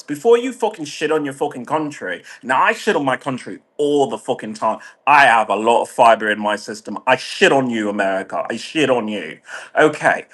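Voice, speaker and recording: A man's voice: mid-range voice, expressive, normal speed, a bit bright. A man delivering a heated, sardonic monologue full of swearing, speaking as a vlogger. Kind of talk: ranting monologue.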